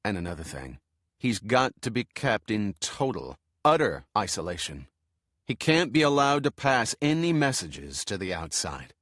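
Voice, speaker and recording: A male narrator voicing a tough, blunt male FBI agent with a gruff, clipped delivery. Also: fairly low pitch, big pitch swings, normal speed, fairly bright tone, no echo, studio quality. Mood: stern.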